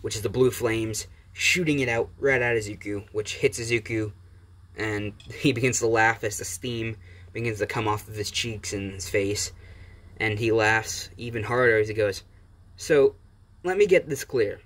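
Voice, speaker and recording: A man's voice: fairly low pitch, little pitch movement, moderate pace, a bit bright. A man narrating an improvised fan-fiction story in a rambling, casual way. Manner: rambling, with fillers and restarts.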